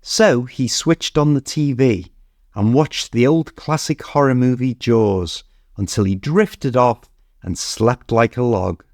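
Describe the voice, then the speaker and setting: A man with a British accent reading a story clearly and steadily for English learners. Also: mid-range voice, takes it slowly, darkish tone, no echo, clean studio sound. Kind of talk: scripted narration.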